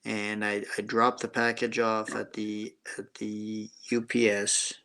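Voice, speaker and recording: A man's voice: lowish voice, monotone, slow pace, vocal fry, sharp tone, clear, resonant tone. A man hosting a casual live stream about watches, chatting and telling a rambling story. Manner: rambling storyteller, reads chat names.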